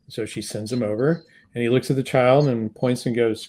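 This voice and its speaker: A man's voice: medium pitch, steady tone, normal speed, darkish tone. A man guest on an interview podcast, talking casually with many fillers and restarts as he tells a story. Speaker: podcast guest, sales consultant.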